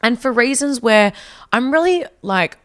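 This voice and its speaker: A woman's voice: a little high, unhurried. A young Australian woman guest in a casual podcast chat, telling stories animatedly and slipping into voices. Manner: animated storyteller, affectionate, slips into voices.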